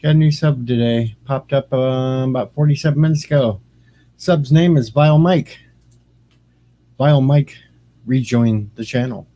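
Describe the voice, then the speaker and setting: Streamer, male, relaxed dark tone, loose rambling chat that greets viewers. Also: medium pitch, normal speed. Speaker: streamer and radio host. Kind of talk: casual livestream chat.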